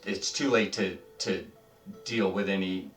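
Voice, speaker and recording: A man's voice: sits low, fairly even intonation, fairly bright tone, recorded from a distance. Man playing a urgent, powerful female wizard. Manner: urgent, halting. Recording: roomy, off-mic, faint music behind.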